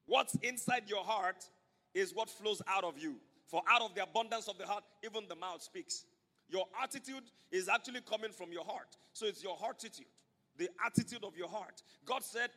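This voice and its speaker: A man's voice: high voice, moderate pace, pushed and bright, in a large hall. A man preaching a sermon to his church, emphatic and repetitive, drawing the congregation into call-and-response. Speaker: pastor. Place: church sanctuary.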